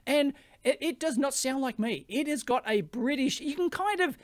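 A man's voice: very high-pitched, expressive, normal speed, no echo, studio quality. A man with an Australian accent hosting an electronics video, talking casually and bluntly and laughing often. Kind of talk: casual commentary.

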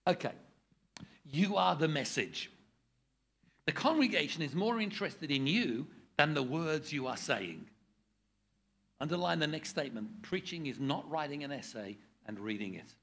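An older man teaches preachers in a blunt, joking way. His voice is gravelly and a little husky, and it sits fairly high. His pitch swings widely as he acts out examples. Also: animated, normal speed, fairly bright tone. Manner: blunt, jokey, demonstrates tones of voice. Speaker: preaching trainer.

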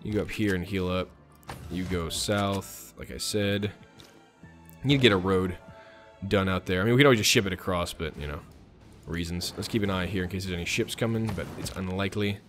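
Low-voiced man narrating a strategy game. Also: a little fast, faint music behind. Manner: casual, mutters orders to units. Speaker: gaming channel host. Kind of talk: let's play commentary.

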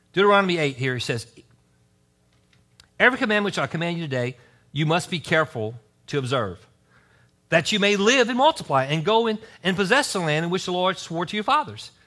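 Male pastor preaching a church sermon; bright, high, very lively voice with scripture readings and asides. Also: moderate pace, pauses often. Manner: animated preaching, reads scripture aloud with asides. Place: church service.

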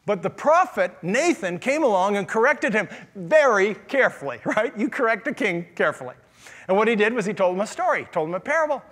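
Male pastor, higher pitch, conversational sermon full of questions to the room. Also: big pitch swings, fairly quick, fairly bright tone. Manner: conversational preaching with rhetorical questions. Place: church.

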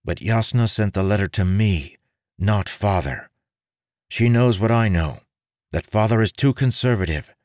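A man's voice: on the low side, animated, unhurried, a little mellow, no room sound, studio quality, voice pushed up. A man voicing a confident, determined young nobleman who speaks firmly and earnestly. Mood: persuasive. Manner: firm, earnest, persuasive.

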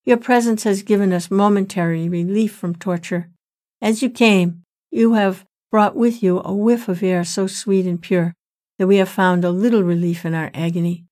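A woman's voice: medium pitch, darkish tone, close to an everyday voice. A woman reading the lamenting pleas of tormented souls in a storybook retelling, mournful and pleading. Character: chorus of tormented souls in hell.

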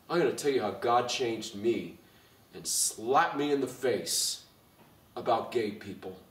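A male pastor preaching a blunt, impassioned sermon full of rhetorical questions. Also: medium pitch. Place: church hall. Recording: echoey room, voice from far off the mic.

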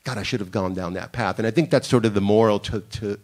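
Man from Miami, low voice, animated storyteller, acts out quotes, panel talk. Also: fast. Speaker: guest director. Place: conference room.

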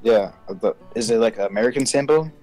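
A man in casual gaming chat, giving bossy, quick instructions to a friend. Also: lowish voice, a little mellow, soft background music, poor audio.

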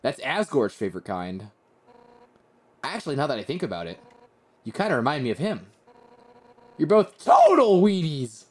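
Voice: mid-range voice, wildly swooping pitch, normal speed, pauses often. A streamer voicing a brash, hot-headed female warrior who leads a royal guard, reading video game dialogue aloud. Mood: teasing. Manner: brash, loud and teasing.

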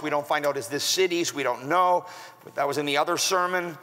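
A man preaching from the pulpit in a bright, forceful voice pitched a touch high. He acts out the scripture with sudden shouts. The sound rings with the long reverb of a big church hall. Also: a little fast. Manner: animated preaching, acting out the servant with raised shouts. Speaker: pastor. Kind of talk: sermon.

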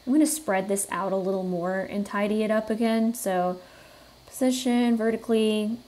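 A woman hosting a software tutorial, explaining each step in a relaxed way and thinking aloud with fillers as she works. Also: medium pitch, normal speed. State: has the hiccups. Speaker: tutorial host. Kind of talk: screen-recorded software tutorial.

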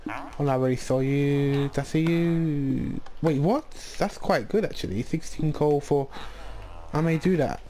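A man casually commenting on his own gameplay, rambling and excitable, often restarting sentences. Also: fairly high pitch, measured pace, a little hiss or hum. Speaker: gaming channel host.

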